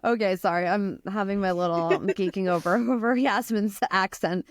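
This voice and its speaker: A woman's voice: medium pitch, steady tone, normal speed, no room sound. An American woman hosting a casual podcast chat, teasing her co-hosts and laughing often. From United States. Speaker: podcast host.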